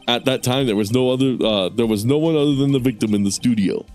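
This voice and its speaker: A plain-spoken police detective from a mystery game, laying out a case matter-of-factly, as a man reads him aloud in his own mid-pitched voice. Faint music hums in the background. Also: fast talker, darkish tone, lightly acted. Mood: explaining. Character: gruff, simple-minded male police detective.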